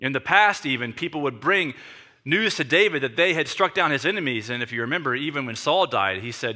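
Bright-voiced pastor telling a story. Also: male voice, medium pitch, fairly quick. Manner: animated storytelling, acting out the scene. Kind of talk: sermon.

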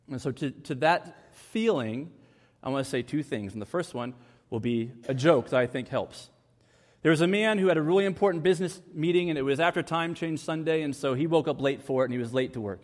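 A man in his thirties delivers a sermon, moving between scripture reading and storytelling with animated, acted-out voices. His voice sits somewhat high for a man. The sound carries a long reverb from a large church hall. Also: fairly quick. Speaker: pastor.

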